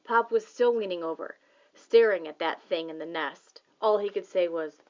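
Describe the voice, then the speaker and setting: A woman narrating a children's novel as an audiobook reader, in a plain, steady manner. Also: on the low side, normal speed. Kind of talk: scripted narration. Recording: slightly dull audio.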